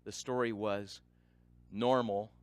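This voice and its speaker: A middle-aged man giving a storytelling talk, listing points in rhythm and swinging from soft to loud for drama. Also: on the low side, fairly even intonation, slow, clean tone, no room sound. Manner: dramatic, varies loudness, lists in rhythm.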